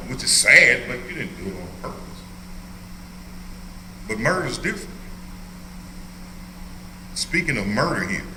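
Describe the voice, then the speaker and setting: A man's voice: medium pitch, pushed and bright, reverberant, a little hiss or hum, rough recording. An older man leading an informal Bible study as a pastor, joking and laughing often as he teaches. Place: church hall.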